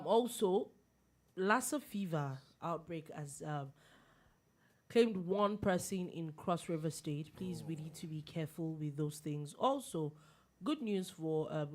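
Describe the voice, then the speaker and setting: A woman, co-hosting a radio show and reading a news round-up in a teasing, animated way. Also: sits low. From Nigeria. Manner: laughs easily, teasing and animated.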